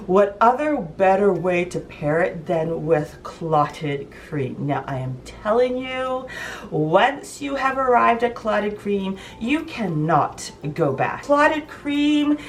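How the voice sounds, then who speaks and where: A woman's voice: medium pitch, big pitch swings, takes it slowly, recorded from a distance, a little hiss or hum. A woman chatting enthusiastically and emphatically in a home cooking vlog. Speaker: vlogger. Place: home kitchen.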